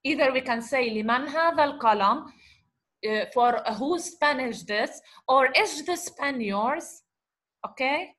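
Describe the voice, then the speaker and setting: Woman w teaching grammar, kinda high bright voice, goes over examples again and again. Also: animated. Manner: explains slowly, repeats examples, asks rhetorical questions. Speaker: Arabic teacher. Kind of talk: recorded grammar lesson.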